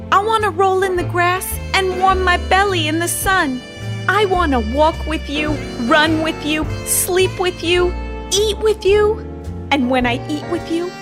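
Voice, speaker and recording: A woman's voice: extremely high pitch, heavily acted. A woman voicing a devoted pet dog in a scripted ad, gushing and grateful toward its owner. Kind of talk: scripted ad voice-over. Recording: voice over music bed.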